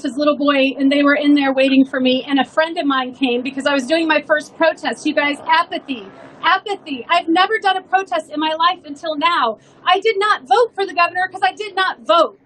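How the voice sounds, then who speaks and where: A woman's voice: high-pitched, normal speed, a bit bright, rough recording. A woman, a restaurant owner, telling an emotional story in an earnest rally speech.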